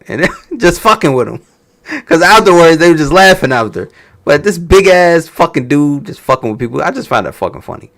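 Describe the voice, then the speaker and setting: A man's voice: mid-range voice, moderate pace. A man casually reviewing a wrestling show, talking loosely and profanely as he tells stories and laughs along. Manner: animated, profane, storytelling with laughs. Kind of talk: casual reaction chat.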